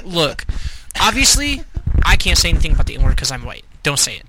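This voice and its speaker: A man's voice: on the high side, brisk, background noise. A young man co-hosting a podcast, chatting casually and telling stories full of swearing. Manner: profane, animated storytelling. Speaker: podcast co-host. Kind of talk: casual chat.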